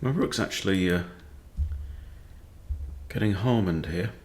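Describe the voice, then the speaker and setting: A chess coach talks himself through a live game and mutters his moves half under his breath. His voice sits low but keeps swinging up and down. Keyboard clicks sound softly behind him. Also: expressive, measured pace.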